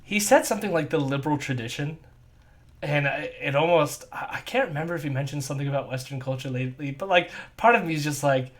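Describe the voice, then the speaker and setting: A man's voice: on the high side, fast. A man hosting a stream, giving casual, profane commentary on video clips and laughing often. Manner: animated, laughs often, swears freely. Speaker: stream host.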